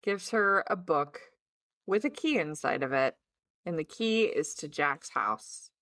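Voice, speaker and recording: Low-voiced woman summarizing a book. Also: lively intonation, measured pace, fairly bright tone, no echo. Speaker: book club podcast co-host. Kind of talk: casual book discussion.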